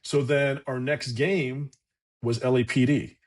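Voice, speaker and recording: Guest, male, husky, casual storyteller who voices the quotes and curses freely. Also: mid-range voice, measured pace. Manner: lively anecdotal, acts out quotes, swears freely. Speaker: podcast guest.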